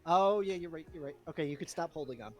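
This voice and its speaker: A man chatting casually while playing a wrestling sim game with a friend, quick to react, swearing and laughing. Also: on the high side, a little mellow. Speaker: co-host of a game stream. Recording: faint music behind.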